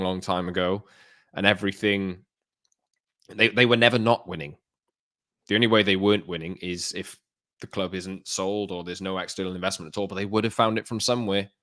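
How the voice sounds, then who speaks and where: A man co-hosting a casual football podcast, explaining his view in a measured way and clearing his throat now and then. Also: on the low side, a bit bright, dry recording, clean studio sound. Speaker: podcast co-host.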